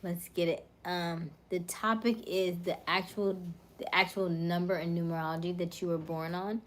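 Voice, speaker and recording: A woman's voice: on the low side, steady tone, normal speed. A woman hosting a casual livestream, reading viewers' comments and rattling off personality traits in short, upbeat lists. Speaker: livestream host.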